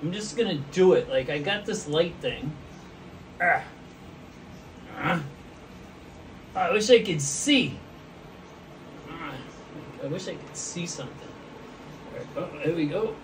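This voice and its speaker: A man's voice: fairly high pitch, lively intonation, slow pace, long pauses, far from the mic, background noise. Goofy rambling man, off-mic. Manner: goofy, rambling, talks to viewers. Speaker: host painting pots. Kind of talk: casual chat while painting. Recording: voice from away from the mic.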